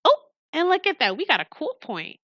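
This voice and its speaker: A woman's voice: sits high, wildly swooping pitch, moderate pace, fairly bright tone, no echo, lo-fi sound. A woman streamer playing a visual novel, reading it aloud and giving playful, sassy asides to the characters. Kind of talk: casual game commentary and reading aloud.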